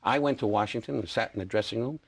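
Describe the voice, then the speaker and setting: Older guy from new york, gravelly husky voice, talks fast and rambly, lots of restarts. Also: on the low side. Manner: chatty storyteller, restarts and repeats, acts out quotes. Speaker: guest. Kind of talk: talk-show interview.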